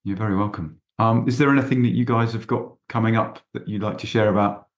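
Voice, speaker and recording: A man hosting a podcast interview, gentle and appreciative, with hesitant fillers. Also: on the low side, fairly even intonation, quick pace, lo-fi sound. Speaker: podcast host. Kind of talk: interview conversation. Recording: echoey room sound.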